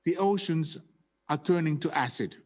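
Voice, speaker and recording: A man from Gabon, a head of state, giving a formal prepared speech in a solemn, deliberate way. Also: on the high side, darkish tone.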